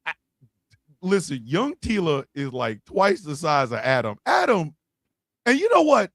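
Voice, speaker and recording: A man with a somewhat high, gravelly voice swings wildly up and down as he tells stories, his swearing excitable and loud. He is recorded close on a dry studio mic, and he keeps switching into shouted impressions of other people. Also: measured pace, no echo. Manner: profane, excitable, acts out quotes loudly. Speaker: podcast co-host. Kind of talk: animated casual chat.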